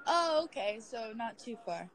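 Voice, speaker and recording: Young woman doing a phone live stream, kinda high voice, all gushy and giggly with fans. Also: big pitch swings, unhurried. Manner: gushing, giggly, talks to her cat. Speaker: social media star hosting a live stream.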